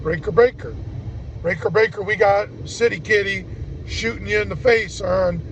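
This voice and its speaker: A man's voice: high voice, moderate pace, slight background noise, close to an everyday voice, rough recording. Man doing a CB radio trucker call. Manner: radio lingo, clipped calls.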